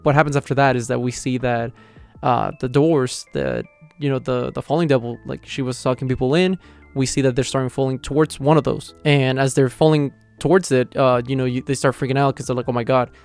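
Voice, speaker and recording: A man's voice: medium pitch, fairly quick, soft background music. Chatty man reviewing a manga chapter. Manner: rambling, lots of "like" and "you know" fillers; animated retelling of scenes. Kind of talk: casual chapter review and reaction.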